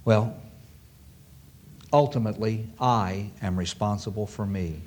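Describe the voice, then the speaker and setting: A man's voice: lowish voice, a little slow, darkish tone. A man preaching a sermon to an audience, emphatic and repeating key phrases for weight.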